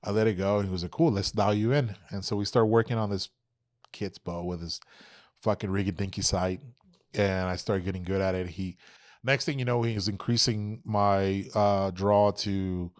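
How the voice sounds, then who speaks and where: A young adult man, a podcast guest, telling an animated, profane story and acting out quoted dialogue. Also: on the low side, moderate pace, no room sound, clean studio sound. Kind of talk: casual storytelling.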